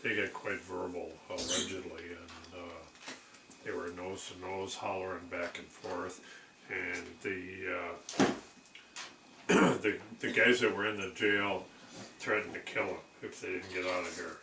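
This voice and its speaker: A man's voice: low voice, little pitch movement, a little slow, vocal fry. A man talking casually and hesitantly indoors, repeating words as he starts his sentences. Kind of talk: casual conversation. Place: indoors in an old jail building. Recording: echoey, distant, noisy camcorder audio.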